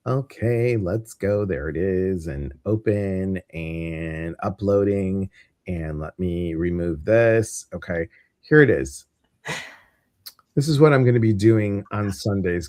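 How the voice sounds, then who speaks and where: A lowish, slightly mellow male voice belongs to a Midwestern American host running a relaxed live stream. He's talkative and rambling, with many ums and uhs, in a dry, clean studio recording.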